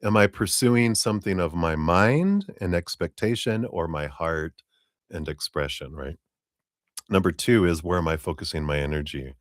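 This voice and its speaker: A man's voice: low voice, normal speed, no echo, studio quality. A middle-aged man giving a live-stream tarot reading, rambling and asking "right?" along the way. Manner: rambling, with tag questions and chuckles. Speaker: tarot reader.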